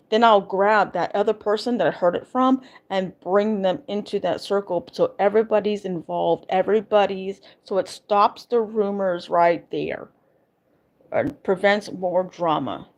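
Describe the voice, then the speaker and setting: A woman records a casual vlog and vents about her week in an exasperated, emphatic way. She circles back on her points and repeats them for weight. Her voice sits at an ordinary middle pitch for a woman. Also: lo-fi sound. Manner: emphatic, exasperated ranting with repetitions. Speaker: vlogger.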